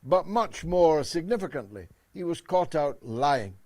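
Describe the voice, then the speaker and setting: A man's voice: a little high, sing-song, unhurried, a little mellow. An older British man hosting a political talk show, delivering a sardonic monologue with theatrical emphasis.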